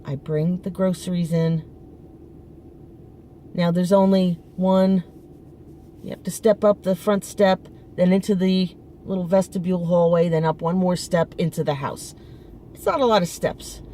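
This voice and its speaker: A woman's voice: on the low side, steady tone, a little slow, pauses often, mellow, a little hiss or hum. Frustrated middle-aged woman venting. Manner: frustrated, emphatic, with many restarts. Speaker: vlogger. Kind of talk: casual personal venting. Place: outdoors in front of her apartment.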